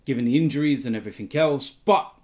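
A man's voice: medium pitch, fast talker, a little mellow. A man hosting his football fan channel, giving a casual news roundup in a chatty way with frequent ums.

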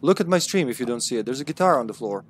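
A man's voice: mid-range voice, lively intonation, racing, breathy edge, faint music behind. A Welsh man in casual co-op gaming banter, jokey and laughing often, with the odd swear. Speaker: co-op gaming streamer.

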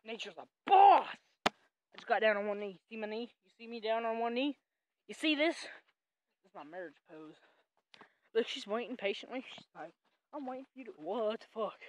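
A woman vlogging outdoors on a farm, loud, excitable, joking and swearing as she walks. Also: on the high side, moderate pace, long pauses, a little hiss or hum, rough recording. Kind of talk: casual vlog while walking. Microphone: handheld camera.

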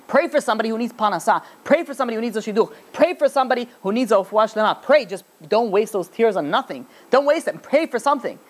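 A man's voice: very high voice, lively intonation, quick pace, hardly any pauses, voice pushed up. A man voicing a wise old woman who consoles a grieving mother, speaking with urgent, pleading force. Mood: urging.

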